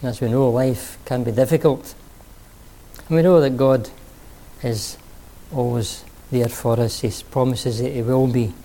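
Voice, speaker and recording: A man preaching a sermon, telling a story and then speaking earnestly, sometimes pausing to rephrase. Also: mid-range voice, steady tone, mellow.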